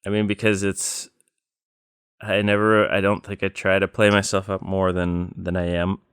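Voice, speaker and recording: A man with a very low, resonant voice co-hosts a casual podcast chat. He tells stories plainly and without hurry, filling the pauses with ums and likes. The sound is close and dry, with no room in it. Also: completely flat delivery, a bit bright, clean tone, dry recording. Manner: plain, unhurried storytelling with many fillers. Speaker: podcast co-host.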